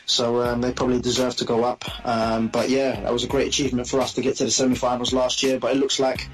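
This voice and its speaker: A man footballer as a podcast guest, modest and halting, with many ums. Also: medium pitch, flat delivery, faint music behind, poor audio. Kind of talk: casual interview chat.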